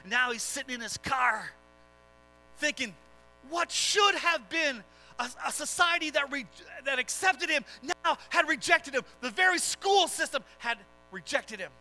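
A male preacher delivering a sermon with an earnest, dramatic storytelling drive. His voice is very high for a man and bright and sharp, with faint music behind him. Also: animated, unhurried, poor audio. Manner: earnest, swelling into dramatic retelling.

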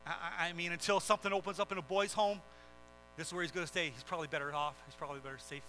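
A man's voice: on the high side, steady tone, bright, forceful tone, soft background music, pitched below the performer's own voice, rough recording. A man playing a blunt, matter-of-fact police officer who stammers and repeats himself. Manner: plain, brisk, stammering.

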